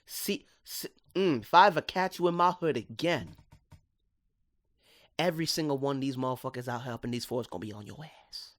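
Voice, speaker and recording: A man's voice: mid-range voice, fairly quick, fairly bright tone, lightly acted. A man putting on a tough older mother who threatens an intruder in streetwise, trash-talking slang. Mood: threatening.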